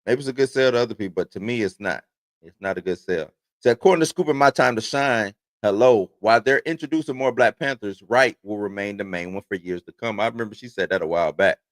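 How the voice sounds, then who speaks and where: A man's voice: fairly low pitch, fast, no room sound. Rambling male livestream host, dry sound. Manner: rambling, conversational, reads news aloud then riffs. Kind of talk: casual commentary livestream.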